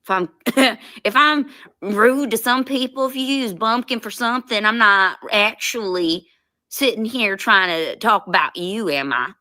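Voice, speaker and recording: A woman's voice: mid-range voice, a little slow, sharp tone, dry recording, clean studio sound. A woman doing a comedic impression of a foul-mouthed, defensive woman streamer who rants and curses. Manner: ranting, cursing, mocking.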